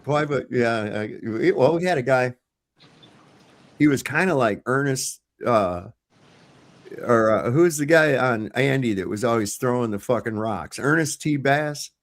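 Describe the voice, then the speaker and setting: Profane, animated male stream host. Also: mid-range voice, a little slow. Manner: crude, profane, animated storytelling. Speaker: livestream host. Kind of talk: casual chat. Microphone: video call.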